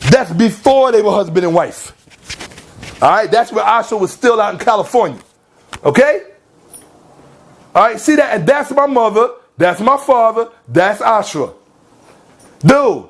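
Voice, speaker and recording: A man's voice: high voice, lively intonation, measured pace, pauses often. A man delivering a heated, confrontational rant at a rival, scolding him and repeating pointed questions in slang-heavy street talk. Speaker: online commentator.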